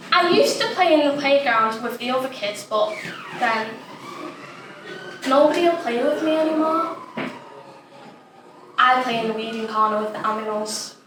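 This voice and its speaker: A woman's voice: fairly high pitch, moderate pace, long pauses, natural voice. A woman performing a dramatic monologue as an innocent, rambling little schoolgirl. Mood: innocent chatter. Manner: innocent, rambling, matter-of-fact. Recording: echoey room, distant mic, noisy.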